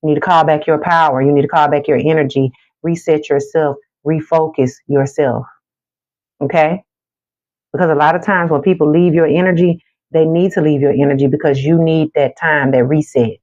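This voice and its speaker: Low-voiced woman giving emphatic spiritual advice. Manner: emphatic and repetitive, slows down for calming affirmations. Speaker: spiritual card reader on a livestream. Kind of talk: motivational livestream chat. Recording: dull lo-fi sound.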